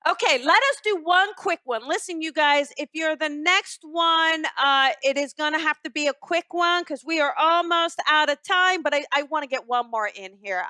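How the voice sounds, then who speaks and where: A woman's voice: high voice, pushed and bright, no echo. A woman hosting a radio call-in show as a psychic medium. She talks in a chatty, soothing way, with many fillers, and calls her callers "honey.".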